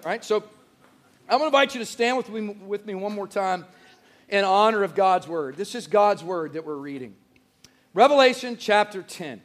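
A male pastor preaching in a church, his voice strained, hoarse and squeaky from days of shouting. He speaks at a strikingly high pitch and keeps the congregation engaged with lively call-and-response. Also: fast. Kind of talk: sermon. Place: church sanctuary.

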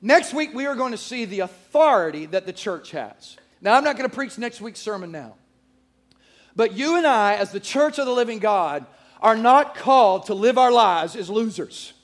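A middle-aged man preaching a sermon with a strikingly high voice for a man. He tells stories with jokes and energy. At times his voice swells to a shout. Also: normal speed. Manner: animated, joking storyteller who shouts at moments. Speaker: pastor.

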